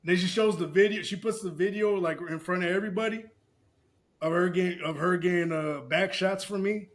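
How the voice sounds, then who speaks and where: A man's voice: high voice, brisk. A man co-hosting a podcast in casual chat, telling crude, rambling stories with many restarts. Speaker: podcast co-host.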